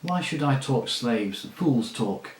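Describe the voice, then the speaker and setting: A man reading aloud, voicing a proud male talking war horse with a brisk, commanding, scornful manner. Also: medium pitch, expressive, echoey room, a little hiss or hum, close to an everyday voice, low-quality recording. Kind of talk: audiobook reading.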